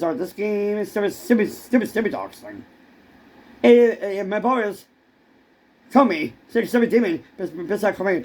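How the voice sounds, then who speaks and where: A man's voice: sits high, vocal fry, husky. A man in a rambling comic monologue who stammers and keeps repeating words.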